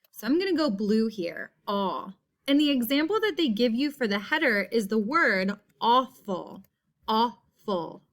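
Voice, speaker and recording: Female teacher, slightly high, unhurried; walks young kids through word sounds one by one. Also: a bit bright. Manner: slow, drawn-out repeating of word sounds. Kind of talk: phonics lesson for young children.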